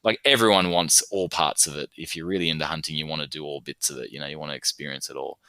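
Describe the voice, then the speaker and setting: An Australian man, a podcast guest, chatting casually and telling stories, then reciting his own rhymed bush poem in a steady rhythm. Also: very deep voice, fast, no room sound.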